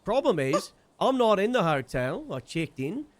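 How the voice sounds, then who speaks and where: A young man, telling a long story in casual chat, animated and swearing freely. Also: high-pitched, unhurried, no echo. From Wales. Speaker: streamer.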